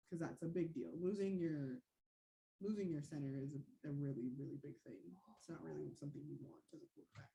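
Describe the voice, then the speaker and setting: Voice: mid-range voice, mellow. A host in a casual sports podcast works through rosters and numbers with a mid-range voice. The talk is playful, with teasing asides dropped between the lists. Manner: playful, list-reading with asides.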